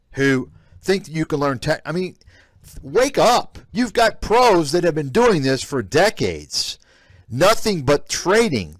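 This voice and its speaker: A man's voice: fairly high pitch, no echo, clean studio sound. A man giving blunt, scornful commentary on a live stream, reacting to clips. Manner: blunt, scornful, repetitive ranting. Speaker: host, investment analyst.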